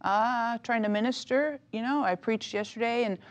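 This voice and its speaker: Lively middle-aged woman telling stories. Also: on the high side, normal speed. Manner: animated storytelling, laughs often. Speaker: author and minister guest. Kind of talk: casual talk-show interview.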